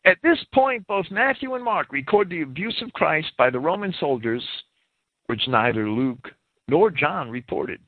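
A man giving verse-by-verse scripture commentary, deliberate and careful, stopping to spell out words and their pronunciations. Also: a little high, very animated, no echo. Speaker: Bible commentator. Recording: tinny phone-like dry audio.

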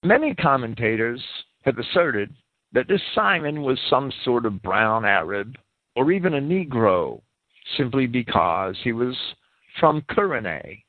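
A man giving verse-by-verse scripture commentary, deliberate and careful, stopping to spell out words and their pronunciations. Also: mid-range voice, very animated, no room sound. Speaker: Bible commentator. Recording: tinny phone-like dry audio.

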